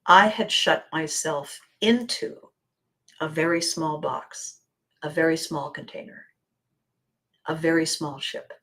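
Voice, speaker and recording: A woman hosting her own podcast, speaking a reflective motivational monologue with slow, deliberate phrasing and drops into near-whispers. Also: lowish voice, fairly bright tone. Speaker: podcast host.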